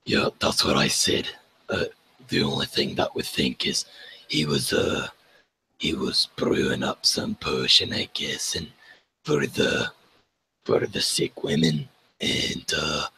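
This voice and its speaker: A man's voice: a bass voice, slow pace, creaky, pushed and bright, a little hiss or hum, voice pushed down, heavily acted. A man voicing a male adventurer in a tabletop game, talking in a puzzled, offhand way.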